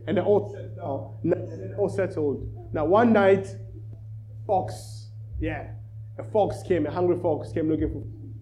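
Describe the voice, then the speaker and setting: A man preaching to a church, telling a children's story with lively energy. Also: sits high, unhurried, slight background noise, low-quality recording. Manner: animated storyteller, rising in volume. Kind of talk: sermon with storytelling.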